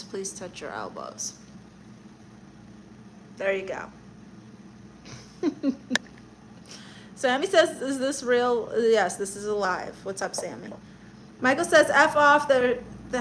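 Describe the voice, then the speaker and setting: A woman's voice: on the high side, a little slow, pauses often, background noise. A woman comedian hosting a casual livestream, reading viewer comments aloud and answering them with sassy, teasing banter. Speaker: livestream host reading chat; stand-up comedian.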